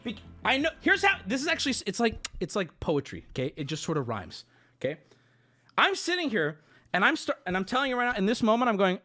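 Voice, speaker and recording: A man's voice: sits high, wildly swooping pitch, fast, pushed and bright. A man livestreaming, telling a story to his chat in an exaggerated way, swearing and laughing as he goes. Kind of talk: animated storytelling to a live chat.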